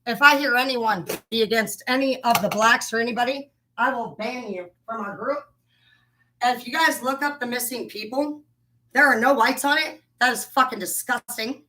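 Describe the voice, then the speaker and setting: A woman's voice: fairly high pitch, normal speed, sharp tone, low-quality recording. A young woman hosting a livestream, talking in a heated, profane, rambling way. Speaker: livestream host. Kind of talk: casual livestream rant.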